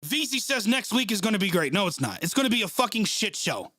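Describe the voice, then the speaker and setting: A man's voice: sits high, big pitch swings, fast talker, sharp tone, no room sound, clean studio sound. A man ranting heatedly and swearing while hosting a live reaction stream of a football game. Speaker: sports live-stream host. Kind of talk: angry live play-by-play reaction.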